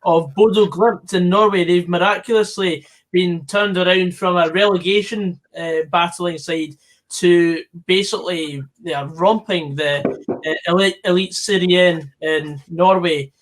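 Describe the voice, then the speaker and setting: A man hosting a casual football podcast, talking in a relaxed, teasing way. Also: high-pitched, measured pace. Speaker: podcast host. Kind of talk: casual chat.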